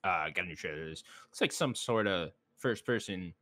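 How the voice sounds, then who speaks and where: Bright, lively man hosting. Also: low voice, normal speed. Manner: easygoing, laughs often, moves topics along. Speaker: podcast co-host. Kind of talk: casual chat.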